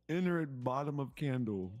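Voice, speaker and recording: A man's voice: medium pitch, expressive, unhurried, a crowd in the background. A man co-hosting a trading stream, chatting casually, laughing and teasing his partner. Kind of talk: casual banter.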